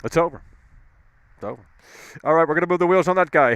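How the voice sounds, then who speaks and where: Man, live call-in host, combative rant, quick talker, slightly high voice, dry close sound. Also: smooth, no echo. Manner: loud, ranting, combative. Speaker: live stream host taking calls. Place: outdoors in the cold.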